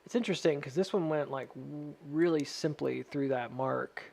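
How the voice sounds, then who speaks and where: A man's voice: a little high, normal speed, vocal fry, darkish tone, a little hiss or hum. A man doing a casual charting stream, joking and rambling as he thinks aloud. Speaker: stock chart analyst.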